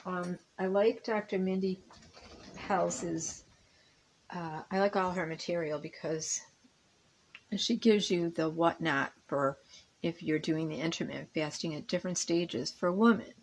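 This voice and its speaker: Cooking in her own kitchen, a fifties-aged lifestyle and cooking vlogger rambles casually between tastes and stirs. Her voice is husky, on the low side, and a little slow.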